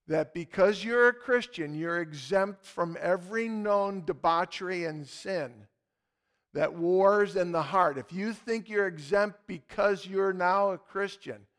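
A man's voice: sits high, a bit bright. A man preaching a sermon, telling anecdotes with emphatic repetition and frequent restarts.

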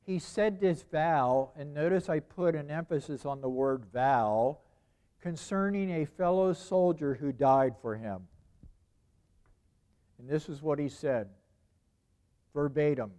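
A man preaches in a loose, conversational way. He repeats his phrases and keeps asking rhetorical questions. His voice sits a little higher than most men's. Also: measured pace, long pauses, dark tone. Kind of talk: sermon.

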